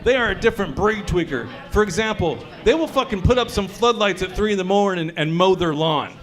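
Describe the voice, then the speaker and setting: A man with a high voice performs stand-up at a brewery showcase. He talks crude and casual, keeps checking in with the audience, and delivers his set in a chatty way. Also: expressive, brisk. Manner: crude, conversational, quizzing the crowd. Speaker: stand-up comedian.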